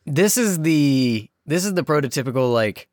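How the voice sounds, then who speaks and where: A guest on a casual book discussion podcast, animated and joking, breaking into put-on shouts. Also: mid-range voice, normal speed, no echo, clean studio sound.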